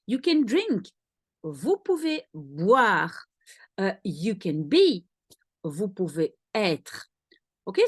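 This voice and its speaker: A woman teaching a recorded language lesson in slow, carefully spaced explanations and repeating example phrases, with a Belgian Dutch accent, Dutch being her first language. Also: fairly high pitch, no echo, studio quality.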